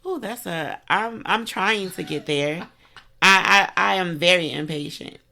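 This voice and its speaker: A middle-aged woman hosting a casual interview, chatty and quick to laugh. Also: fairly low pitch, gravelly. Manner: chatty, laughs easily, animated when telling stories. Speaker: podcast host.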